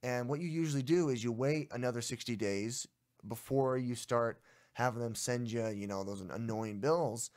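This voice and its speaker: A man's voice: medium pitch, normal speed, a little mellow. A young adult man co-hosting a casual podcast, telling a story in an exasperated, ranting way. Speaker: podcast co-host.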